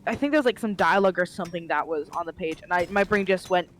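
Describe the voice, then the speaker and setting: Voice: mid-range voice, fast talker, fairly bright tone. A young adult chatting on a game stream, telling stories with lots of fillers. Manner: chatty storytelling with many likes. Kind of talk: casual gaming chat.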